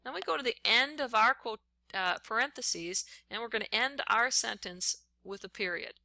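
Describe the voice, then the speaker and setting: A woman's voice: a little high, moderate pace, vocal fry, bright, forceful tone, no room sound. A woman teacher talking step by step through a writing lesson while she types on screen. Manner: step-by-step, talks while typing.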